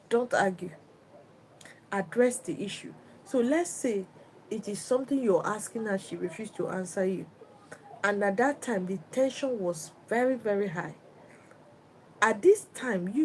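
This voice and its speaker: A woman's voice: mid-range voice, a little mellow, slight background noise, poor audio. A woman giving relationship advice on a livestream. She talks in an emphatic, instructive way and often repeats herself.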